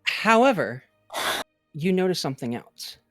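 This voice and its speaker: A woman narrating as game master of a tabletop game, calm and descriptive. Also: fairly low pitch, unhurried, dry recording, clean studio sound, soft background music.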